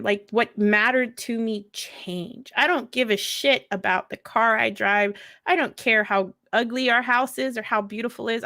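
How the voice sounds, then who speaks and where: A woman in her thirties, a veteran and mother, tells candid stories at a mental health event, blunt and profane and laughing often. Her fairly high voice sounds pushed and bright. The recording is studio quality with no room sound.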